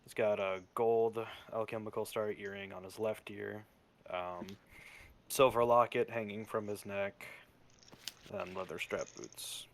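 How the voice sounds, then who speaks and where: A man's voice: lowish voice, fairly even intonation, a little slow, a little hiss or hum. A man player steadily reading out his character's description in a tabletop game. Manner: listing details steadily, with occasional fillers.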